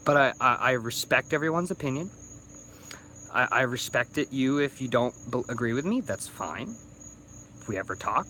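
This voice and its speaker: Man, 30, slightly drunk YouTuber ranting on his phone, bright and tense voice, lots of restarts. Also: medium pitch, expressive, normal speed, a little hiss or hum. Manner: rambling, stumbling restarts, swearing. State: a little drunk. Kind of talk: casual ranting vlog.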